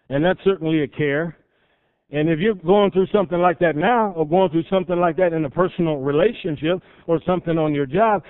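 High-voiced pastor preaching on tinny radio. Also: male voice, no echo. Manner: preaching with rising emphasis and illustrations. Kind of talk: sermon. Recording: tinny phone-like radio broadcast.

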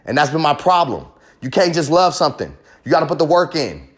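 Profane, impassioned man with a higher voice. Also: big pitch swings, fairly quick. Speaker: podcast host. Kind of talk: raw confessional monologue.

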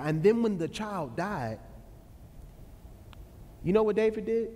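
A male preacher with a high, animated voice tells his sermon story, swinging from loud peaks to hushed lows. He speaks in a Black American vernacular style. The sound carries a long reverb. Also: slow pace, long pauses, slight background noise.

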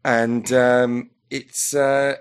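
A man's voice: mid-range voice, level tone, drawn-out words, clear, resonant tone. A man playing an overfriendly, rambling drifter who is just out of an institution, talking in hesitant, chummy comedy banter.

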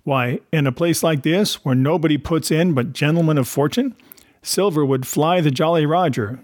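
A man voicing a half-wild marooned old sailor, cunning and anxious, speaking in rough sailor's grammar in a storybook reading. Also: fairly high pitch, moderate pace, a little mellow, no echo, clean studio sound, natural voice. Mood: wheedling. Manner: rustic sailor's grammar, sly and insistent.

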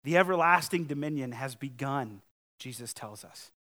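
At a moderate pace and in a mid-range voice, a pastor gives a sermon to his congregation. The delivery feels conversational and emphatic, with big swings in volume.

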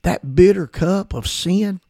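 A man preaching a sermon on his podcast, emphatic, with slow stressed phrases and repetition. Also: sits high, warm tone, dry recording, clean studio sound.

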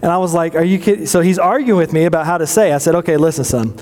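A man's voice: fairly high pitch, rapid-fire, a little mellow. Joking man in his forties, big hall. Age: 40s. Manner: folksy, joking, asks the audience questions. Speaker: pastor. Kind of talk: casual sermon storytelling. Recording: long hall reverb.

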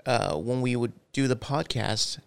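A man's voice: mid-range voice, unhurried, vocal fry, smooth. A man hosting a podcast, chatting casually and rambling with many fillers. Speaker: podcast host. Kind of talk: casual chat.

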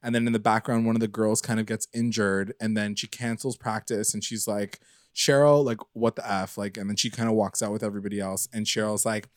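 A man co-hosting a casual podcast, recapping a TV episode in an animated, chatty way and acting out characters' lines. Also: fairly low pitch, fast, hardly any pauses, no echo, studio quality. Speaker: podcast co-host.

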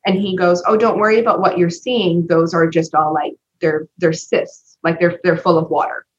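A woman's voice: lowish voice, fairly even intonation, moderate pace. A woman co-hosting a podcast in casual chat, telling a personal story with animation and acting out the voices of the people in it. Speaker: podcast co-host. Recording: dull lo-fi podcast recording.

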